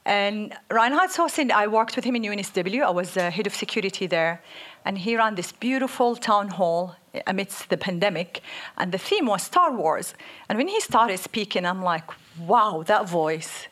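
A woman from Saudi Arabia speaks with an Arabic accent and a slightly husky voice. She co-hosts a live podcast before an audience, telling stories in an animated way and laughing often. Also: mid-range voice, normal speed. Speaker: podcast co-host.

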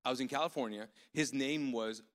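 A man preaching a live sermon as pastor, telling stories in an animated way with sudden loud outbursts of excitement. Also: medium pitch, fairly quick. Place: large church auditorium. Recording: long hall reverb from live church service.

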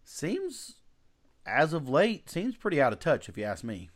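A man hosting a casual podcast chat, talking emphatically and bluntly with quick restarts. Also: fairly high pitch, wildly swooping pitch. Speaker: podcast host.

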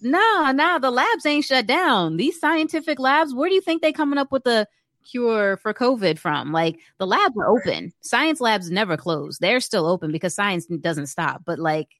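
A woman's voice: on the high side, expressive, moderate pace, a bit bright, no room sound, clean studio sound. A young woman co-hosting a casual chat, peppy and bubbly, laughing often. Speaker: podcast co-host.

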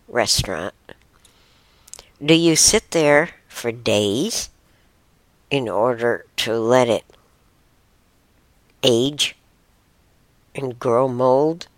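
A woman, hosting a casual solo talk show and rambling with frequent giggles and soft, half-whispered asides. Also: rumbling low, no echo. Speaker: podcast host.

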